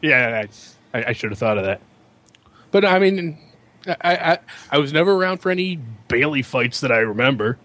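A man's voice: mid-range voice, animated, moderate pace, bright, forceful tone. A man telling a profane, rambling story to his friends, stumbling over repeated words. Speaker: podcast regular. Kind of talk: casual storytelling among friends.

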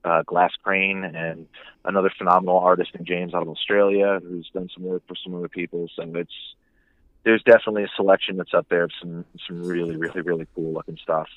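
Band dude on a radio interview, kinda low voice, chill and upbeat, dry sound. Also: male voice, a little fast, no echo, narrow, tinny audio. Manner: relaxed, upbeat, filler-heavy promo talk. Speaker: band musician guest. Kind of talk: casual interview chat.

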